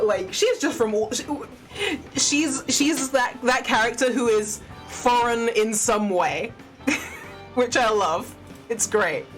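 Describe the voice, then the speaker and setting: A woman's voice: mid-range voice, fairly bright tone. Sweary, chatty woman streamer. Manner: sweary, chatty, laughing asides. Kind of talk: casual gaming stream commentary.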